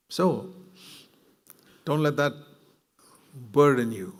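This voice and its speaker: A man preaching a sermon in an earnest, conversational way, rising in pitch when he presses a point. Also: normal speed, vocal fry.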